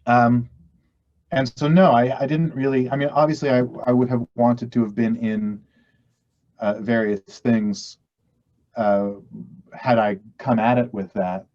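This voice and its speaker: A middle-aged man from western Canada talks loosely as an interview guest. He rambles and restarts, poking fun at himself. His voice sits at an ordinary middle pitch, and the audio is a little dull and lo-fi. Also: steady tone, unhurried, darkish tone. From West Coast Canada. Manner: rambling, self-deprecating, frequent restarts. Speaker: actor guest. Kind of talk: casual interview chat.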